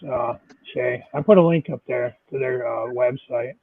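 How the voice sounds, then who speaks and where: A man's voice: medium pitch, moderate pace, gravelly, slightly rough, dry recording. A man in a casual group chat who chimes in with helpful information. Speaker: guest in hangout. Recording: tinny phone-like line.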